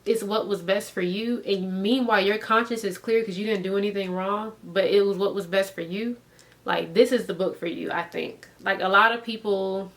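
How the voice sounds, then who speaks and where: A woman in her thirties chats through a book review in a casual vlog. She talks with emphasis and animation, repeating rhetorical questions to drive her points home. Her voice sits at a middling pitch. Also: a bit bright. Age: 30s.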